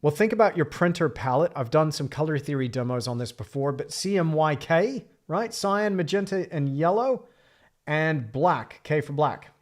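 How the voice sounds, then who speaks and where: A man's voice: on the high side, animated, moderate pace. A man streaming live from his art studio, chatting in a reflective, rambling way while he paints. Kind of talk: casual livestream chat.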